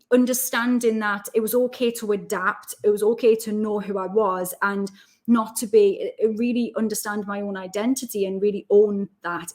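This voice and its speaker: A woman with a Geordie accent, from Newcastle, chatting as an interview guest and telling lively stories. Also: medium pitch. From Newcastle, North East England. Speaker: guest, self-development coach. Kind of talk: casual interview chat.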